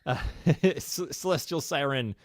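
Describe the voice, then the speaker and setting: A man co-hosting a podcast in casual live-stream chat, halting, thankful and quick to laugh, with a tired throat. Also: a little high, no echo, studio quality. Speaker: podcast co-host.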